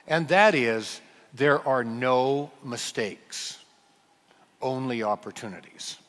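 A man preaching a sermon in an animated, emphatic way, slowing down to stress key phrases. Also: medium pitch. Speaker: pastor. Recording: reverberant hall.

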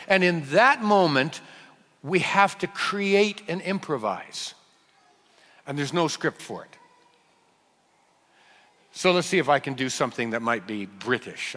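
A man preaching a sermon in an animated, emphatic way, slowing down to stress key phrases. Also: high voice. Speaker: pastor. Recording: reverberant hall.

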